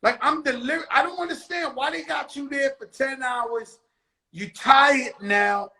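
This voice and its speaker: A man with a very high, bright and forceful voice, hosting a casual chat. He talks excitedly in loose street slang and swears freely. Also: a little slow, gravelly, poor audio. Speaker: host.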